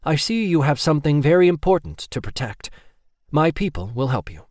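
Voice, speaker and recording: A man's voice: a little high, sing-song, darkish tone, no room sound, clean studio sound, pitched above the performer's own voice. A man doing a pompous warlock leader. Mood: formal. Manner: stiff, measured, self-important. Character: pompous male warlock leader, formal and aloof.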